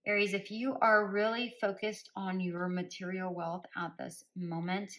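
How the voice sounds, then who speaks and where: A woman's voice: medium pitch, flat delivery, moderate pace, a bit bright, poor audio. A woman giving a spoken tarot reading. She speaks directly to listeners by star sign and repeats phrases for emphasis in a coaching tone. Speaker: tarot reader.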